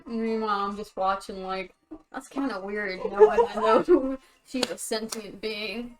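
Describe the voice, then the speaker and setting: A woman's voice: mid-range voice, expressive, unhurried, a loud crowd, rough recording. Joking, chatty woman player. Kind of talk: playing a tabletop game.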